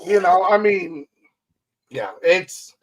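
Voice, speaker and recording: A man's voice: high voice, lively intonation, takes it slowly, low-quality recording. A man co-hosting a casual sports talk show, talking bluntly and swearing freely. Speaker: podcast co-host.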